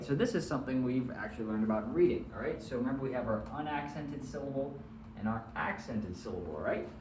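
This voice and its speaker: A man teaching a lesson to his students, friendly and patient, checking in again and again with "all right?". His voice sits at a middle pitch. The recording sounds roomy, with the mic some distance away. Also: a little hiss or hum.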